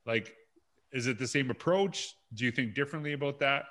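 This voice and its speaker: Relaxed male podcast host. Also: mid-range voice, brisk. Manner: relaxed, conversational, reads quotes aloud. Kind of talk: casual interview talk.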